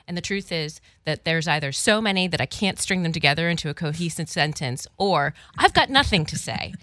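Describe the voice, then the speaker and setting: A woman co-hosting a casual chat. Her voice is fairly low for a woman, bright and clear, with lively swings of pitch, and she is recorded close and dry. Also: a little fast, few pauses, no echo. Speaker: podcast co-host.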